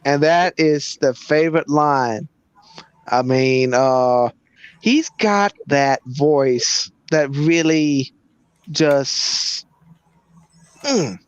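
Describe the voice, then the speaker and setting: Slow, halting man hosting a live chat. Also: fairly high pitch, clear, resonant tone, dry recording. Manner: hesitant, many fillers. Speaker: host. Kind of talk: casual chat on a live stream.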